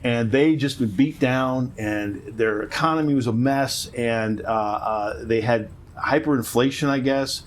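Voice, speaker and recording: A man's voice: mid-range voice, measured pace, hardly any pauses. A middle-aged man co-hosting a talk show, chatting casually and rambling with many restarts. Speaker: podcast co-host. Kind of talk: casual political chat.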